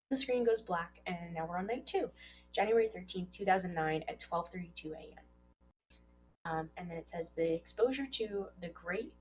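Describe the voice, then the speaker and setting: Lower-voiced woman recapping a horror series. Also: moderate pace, a little hiss or hum, rough recording. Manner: animated, acts out quoted lines. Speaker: podcast co-host. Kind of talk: casual recap discussion.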